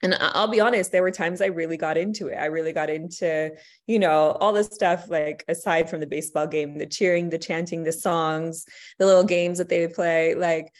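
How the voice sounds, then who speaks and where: A woman's voice: fairly low pitch, fairly even intonation, brisk. A woman guest on a podcast, talking earnestly in long rambling stretches with restarts and laughs. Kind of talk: casual chat.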